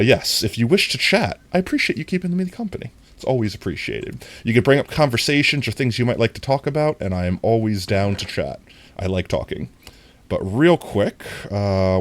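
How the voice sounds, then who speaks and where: Lively, low-voiced nasal male streamer. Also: normal speed. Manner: chatty, talks to viewers while playing. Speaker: livestreamer. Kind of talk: casual game-stream chat.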